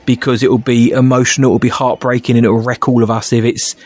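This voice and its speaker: A man's voice: mid-range voice, flat delivery, fast, darkish tone. Chatty man, laughing co-host. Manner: rambling, self-mocking, laughs often. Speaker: podcast co-host. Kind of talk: casual chat.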